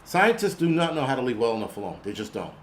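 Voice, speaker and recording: Male host, casual profane rant, animated and laughing, mid-range voice, faint noise behind. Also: medium pitch, fast. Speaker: channel host.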